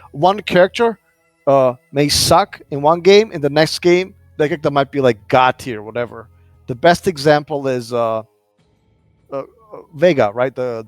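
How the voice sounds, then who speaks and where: A man's voice: fairly high pitch, no echo. A man on a casual gaming podcast who explains his points at length, filling them with "like" and "right?". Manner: measured, explaining, many fillers.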